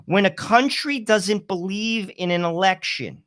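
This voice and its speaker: A man co-hosting a political talk show, arguing forcefully with rhetorical questions. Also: sits high, a little slow. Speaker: co-host.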